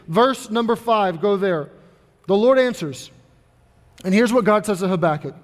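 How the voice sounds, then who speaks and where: High-pitched guy preaching in church, earnest and chatty, says stuff twice, long hall echo. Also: expressive, normal speed. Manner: earnest, conversational preaching with repeated phrases. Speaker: pastor. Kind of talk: sermon. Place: church sanctuary.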